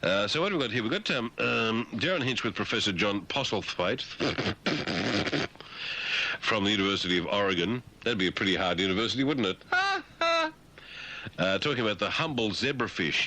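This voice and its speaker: This radio man talks low-pitched but swings his voice up and down as he mocks the news. His tone is bright and sharp, and he keeps jumping into silly put-on voices. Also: very animated, moderate pace. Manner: mocking, puts on silly voices mid-sentence. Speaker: radio host. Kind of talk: satirical radio commentary.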